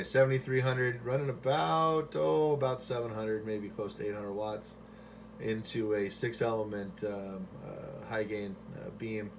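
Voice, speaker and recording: A man chatting on ham radio from his home station into a boom mic, relaxed and friendly with lots of fillers. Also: noisy background. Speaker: amateur radio operator. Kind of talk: ham radio contact chat.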